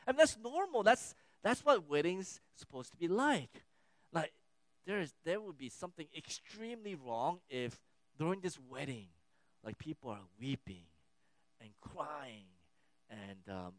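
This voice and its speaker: Animated high-voiced male preacher. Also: no echo. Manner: animated, conversational preaching with many fillers. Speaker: pastor. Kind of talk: sermon.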